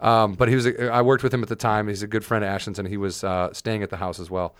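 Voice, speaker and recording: Fairly low-pitched and smooth, this podcast co-host talks fast with fairly even intonation, in a dry, studio-quality recording. He's chatting casually, rambling through a self-mocking story and performing the voices of the people he quotes.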